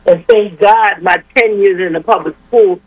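Her voice sits at medium pitch and moves at normal speed, recorded with dull audio and no room sound. She's an older woman and education advocate, a guest on a radio interview who talks with emphasis, repeats herself, and rallies her audience.

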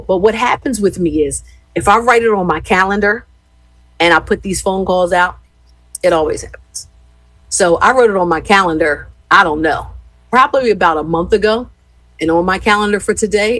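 A woman in her fifties from Philadelphia tells stories to her live-stream viewers in a lively, expressive way. Her voice is husky and sits fairly low. The sound is dry and close, with no room echo. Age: 50s. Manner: animated, expressive storyteller. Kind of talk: casual chat with viewers.

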